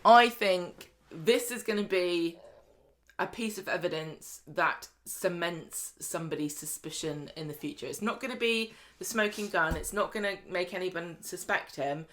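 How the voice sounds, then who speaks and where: A woman hosts a casual podcast recap, her voice sitting a little low for a woman. She talks in a chatty, jokey way, tumbling from one point to the next. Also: normal speed, fairly bright tone. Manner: chatty, jokey, acts out characters' lines. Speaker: podcast host. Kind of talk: casual soap recap chat.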